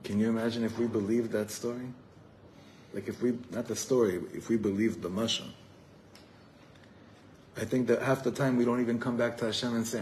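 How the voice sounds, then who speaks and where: A man gives a storytelling sermon to an evening gathering, his voice pitched in the middle range. He acts out the people in his story as he talks, over faint background noise. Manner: animated storyteller acting out quoted voices. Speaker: rabbi teaching a gathering.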